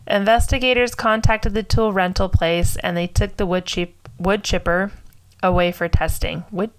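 A woman's voice: medium pitch, steady tone, normal speed, clear, resonant tone, low-quality recording. A young woman co-hosting a casual true crime podcast, getting tongue-tied, apologizing and giggling as she reads out details. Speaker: podcast co-host.

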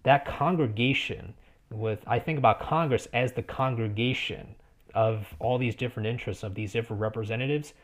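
A man's voice: medium pitch, fairly quick. A man in his twenties, a podcast guest talking earnestly about his experiences, often restarting his sentences. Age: 20s. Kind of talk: conversational podcast interview.

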